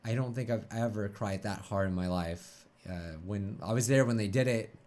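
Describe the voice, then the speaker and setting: A man's voice: fairly low pitch, a little mellow. A man hosting a reaction video, talking casually and rambling with many restarts, choked up and close to tears. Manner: rambling, halting, with many restarts and tearful pauses. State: tearful, choked up. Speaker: YouTube reaction host. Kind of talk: emotional casual reaction talk.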